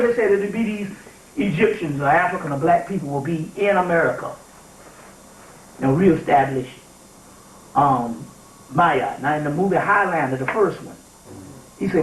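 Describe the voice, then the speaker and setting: A man giving an informal spiritual lecture to a live audience, animated and emphatic, often checking in with his listeners. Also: high voice. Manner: animated and emphatic, often asks "you see what I'm saying?". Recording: echoey room, taped from far off.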